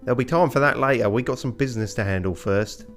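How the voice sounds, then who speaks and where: A man voicing a cocky male sparrow sidekick in a bird game, talking quick, loud and mocking. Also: mid-range voice, soft background music, lightly acted. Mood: teasing.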